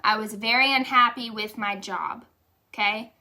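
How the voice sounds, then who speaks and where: A woman's voice: fairly high pitch, fairly even intonation, moderate pace, sharp tone. A young woman giving a candid, emotional motivational testimonial, chatty and saying y'all. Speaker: direct sales leader.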